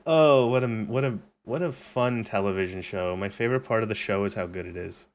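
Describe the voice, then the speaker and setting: A man's voice: fairly low pitch, a little fast. A young man on a gaming stream, rambling sarcastically with lots of swearing and laughter. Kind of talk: casual gaming stream commentary.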